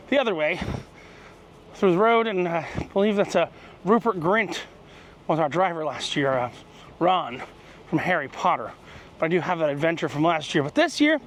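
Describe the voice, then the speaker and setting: A man's voice: high-pitched, fairly bright tone. A man hosting a travel vlog, giving rambling, jokey walking-tour commentary outdoors on a cruise ship and in a small town. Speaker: travel vlogger and host. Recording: noisy outdoor recording with passing vehicles.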